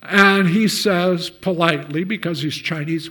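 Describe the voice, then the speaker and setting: A man preaching a sermon, telling a story and loudly acting out the lines of the people in it. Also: on the high side, slow. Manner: storytelling, shouts out acted quotes.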